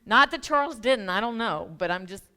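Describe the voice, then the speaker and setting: A woman's voice: fairly high pitch, lively intonation, moderate pace, bright, forceful tone. A middle-aged woman minister giving a casual, conversational sermon in church, with laughing asides and frequent ums and restarts. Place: church sanctuary.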